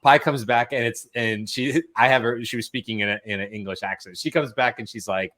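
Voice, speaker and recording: Animated man hosting a podcast. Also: medium pitch, brisk, hardly any pauses. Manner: animated storyteller, acts out quotes. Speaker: podcast host. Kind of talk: casual panel chat.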